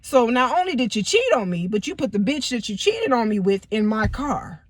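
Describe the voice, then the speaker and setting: A woman's voice: a little high, big pitch swings, normal speed, dry recording. A woman casually telling a personal story to her viewers, talking loosely with lots of "you know" and some swearing. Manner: conversational, peppered with "you know" and profanity. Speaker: vlogger.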